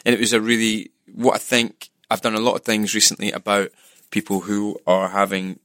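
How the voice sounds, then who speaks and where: A man's voice: on the low side, little pitch movement, brisk, a bit bright, dry recording, clean studio sound. A middle-aged Scottish actor in a casual interview, telling stories with animation and acting out the voices of people he quotes. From Scotland. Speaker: actor guest.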